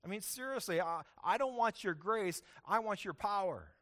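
A man's voice: high-pitched, animated, normal speed, a bit bright, pitched above the performer's own voice. A man preaching acts out an indignant male apostle who pushes back on God, his voice raised and aggrieved.

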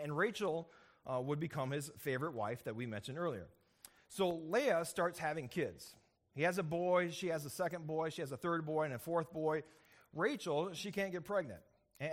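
A man's voice: animated, brisk. A man preaching a sermon in a conversational storytelling manner, asking "right?" often and acting out the characters' lines. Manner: conversational storytelling with frequent "right?" asides and repeated "and, and"; acts out characters' quotes with shifting pitch and loudness. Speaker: pastor.

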